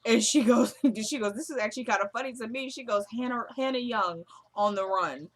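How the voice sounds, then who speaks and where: A woman casually recapping a TV drama episode, retelling scenes as quoted dialogue with a chatty, animated delivery. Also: on the high side, brisk. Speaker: show recap vlogger.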